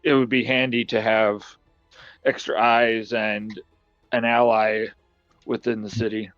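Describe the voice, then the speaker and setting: Measured male player in character. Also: fairly low pitch, level tone, no echo, dull audio, soft background music. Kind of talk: in-character tabletop play.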